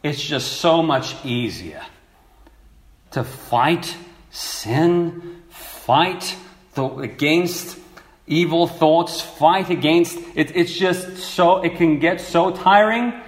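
Male preacher, unhurried and expressive, emphatic repetition, recorded with room echo. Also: on the high side. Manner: slow, lively teaching with emphatic repetition. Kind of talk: sermon.

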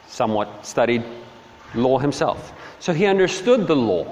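A man preaching a sermon as a dramatic storyteller, swinging between hushed and emphatic. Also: a little high. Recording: long hall reverb.

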